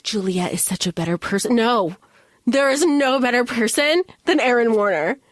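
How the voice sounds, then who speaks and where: A woman co-hosting a podcast in casual chat, animated and swearing, acting out characters' lines as she argues. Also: a little high, moderate pace, no echo, clean studio sound. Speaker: podcast co-host.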